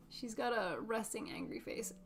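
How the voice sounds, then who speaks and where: Woman, about thirty, high voice, chatty livestreamer, coos at her cats, slips into whispers. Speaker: streamer building model kits. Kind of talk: casual livestream chat.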